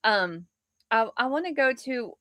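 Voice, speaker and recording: A woman podcast host in casual conversation, encouraging her guest with quick affirmations. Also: a little high, expressive, a bit bright, no room sound. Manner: encouraging listener, brief affirmations.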